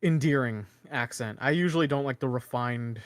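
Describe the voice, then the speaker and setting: A man from Canada co-hosting a podcast, talking in a rambling, animated way with many restarts. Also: medium pitch, normal speed, clear, resonant tone, no room sound, studio quality. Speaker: podcast co-host. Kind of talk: casual chat.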